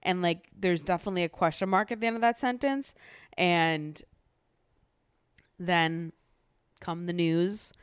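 Smooth-voiced woman ranting about reality TV. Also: fairly low pitch, a little slow, pauses often, no echo, clean studio sound. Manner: animated, swears freely, exasperated ranting. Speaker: podcast host. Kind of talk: casual reality TV recap.

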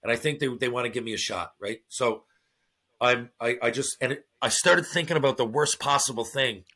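A man's voice: mid-range voice, fairly quick, bright, forceful tone. A man, a former hockey player turned actor, telling stories in a casual podcast interview, acting out other people's lines and swearing freely.

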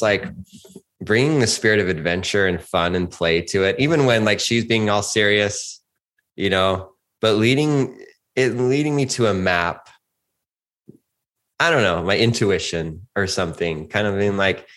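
A man's voice: lowish voice, fairly bright tone. A man in his forties co-hosting a podcast, chatting casually in a rambling, reflective way with frequent laughs. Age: 40s. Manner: rambling, reflective, laughs often, restarts sentences. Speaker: podcast co-host. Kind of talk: casual chat.

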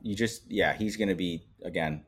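Low-voiced man hosting a podcast. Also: normal speed, husky. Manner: teasing, steers the talk. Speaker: podcast host. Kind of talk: casual sports chat.

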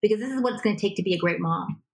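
A woman coaching on relationships as a guest in an interview, lively and acting out example dialogue as she explains. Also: medium pitch, racing, poor audio. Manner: animated, acts out example dialogue. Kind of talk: conversational advice in a podcast interview.

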